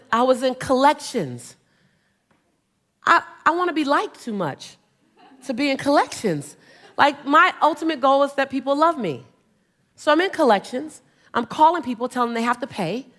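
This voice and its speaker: Woman, 40s, motivational speaker, slightly high voice, live stage talk, call-and-response, emphatic. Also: moderate pace. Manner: animated storytelling with call-and-response; rousing, emphatic exhortation. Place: on stage before a large audience.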